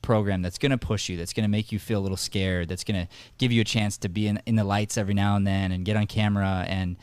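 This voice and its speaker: A man's voice: fairly low pitch, steady tone, quick pace, darkish tone, smooth, no echo. A man hosting an acting podcast, talking earnestly with emphatic restarts. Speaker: podcast host, acting coach. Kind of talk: casual podcast discussion.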